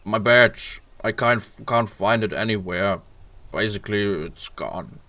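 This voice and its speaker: A man's voice: on the low side, unhurried, pushed and bright. A man with a German accent voicing a flustered, embarrassed detective who pleads with the others.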